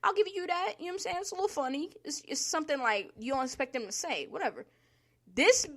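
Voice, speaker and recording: A woman's voice: sits high, a bit bright. A young woman telling a profane work story to her vlog audience, laughing often. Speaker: vlogger. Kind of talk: casual storytelling rant. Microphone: solo recording.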